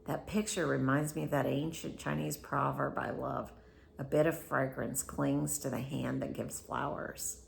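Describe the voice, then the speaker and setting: Woman, deep voice full of vocal fry, soft bedtime reading, slips into whispers. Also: fairly even intonation, unhurried, slight background noise. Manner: soft-spoken, sometimes dropping to a whisper. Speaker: reader of a book aloud. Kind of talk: casual bedtime book reading.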